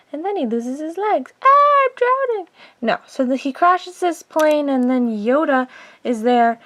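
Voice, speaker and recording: A woman's voice: high voice, measured pace, no room sound. A woman casually recapping a movie with toy figures, chatty and rambling, full of jokey asides. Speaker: vlogger.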